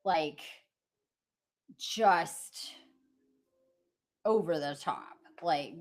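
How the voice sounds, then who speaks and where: A woman's voice: low-pitched, extremely slow. A woman hosting a livestream, talking in a casual, rambling way full of fillers and restarts, and laughing easily. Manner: chatty, meandering, many fillers and restarts. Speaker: livestream host.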